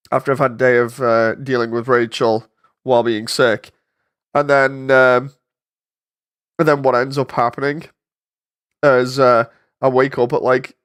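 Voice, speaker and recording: A man's voice: mid-range voice, fairly bright tone. Congested man rambling while editing. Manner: rambling, thinking aloud, with frequent fillers. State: congested from a cold. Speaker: 3D animator and channel host. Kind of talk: casual chat while editing.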